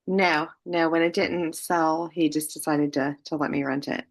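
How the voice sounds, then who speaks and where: A woman's voice: low-pitched, fairly even intonation, normal speed, dry recording. A woman playing a prospect in a sales role-play, giving hesitant, improvised answers.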